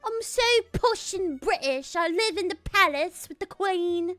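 A woman's voice: extremely high pitch, expressive, moderate pace, sharp tone, no echo, faint music behind, pitched above the performer's own voice, full character voice. A woman putting on a playful, exaggerated posh British voice as a joke. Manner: exaggerated posh put-on accent.

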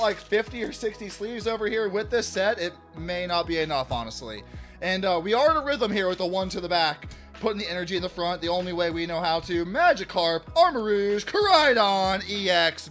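A man hosting a casual card-opening vlog, chatty and upbeat, shouting out big pulls and often restarting his sentences. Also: high voice. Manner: chatty, hypes big pulls loudly, self-correcting restarts. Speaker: card-opening channel host.

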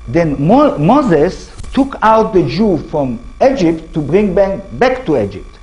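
A very husky man in his sixties, raised in Israel, gives a university lecture in English. His pitch leaps and falls with emphasis as he presses each point. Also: takes it slowly, low-quality recording. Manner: non-native English, animated and emphatic. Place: lecture hall.

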